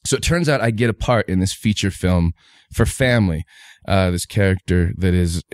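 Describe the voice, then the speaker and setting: A man's voice: low-pitched, no room sound, clean studio sound. A man rambling through a story. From Utah, USA. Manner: rambling, animated storyteller with many restarts. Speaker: guest comedian. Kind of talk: casual podcast chat, storytelling.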